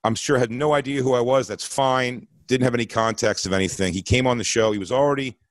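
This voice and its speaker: Give me a man in his forties spinning a loose comedy story, middle pitch, dry and close. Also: fast talker, dry recording. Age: 40s. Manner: rambling, animated, with many fillers and restarts. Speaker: podcast co-host.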